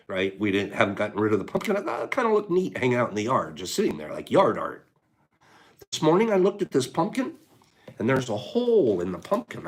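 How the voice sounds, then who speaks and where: A man hosting a casual livestream, chatting to viewers in an animated way and laughing often. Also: mid-range voice. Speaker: livestream host.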